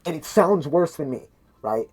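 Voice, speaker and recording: A man's voice: a little high, lively intonation, normal speed, a little mellow. Guy ranting about a bad movie, lots of swearing and restarts, a bit muffled behind a mask, cheap mic. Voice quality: slightly muffled. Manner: rambling, restarts a lot, swears, laughs at things. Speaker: movie reviewer. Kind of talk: profane casual movie review rant. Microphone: cheap mic talked into through a mask.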